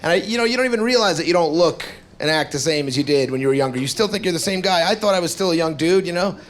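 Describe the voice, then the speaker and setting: A man's voice: fairly high pitch, lively intonation, racing, soft background music. A middle-aged man doing profane, sardonic stand-up crowd work in a theater, now and then slipping into put-on accents. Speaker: stand-up comedian. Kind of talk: stand-up routine. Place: theater stage before a live audience. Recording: live club recording with crowd noise. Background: audience laughter.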